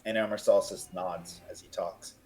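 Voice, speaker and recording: Low-voiced man narrating a tabletop game. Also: steady tone, moderate pace, a little mellow, faint music behind, rough recording. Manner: rambling, repeats and restarts phrases. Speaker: game master.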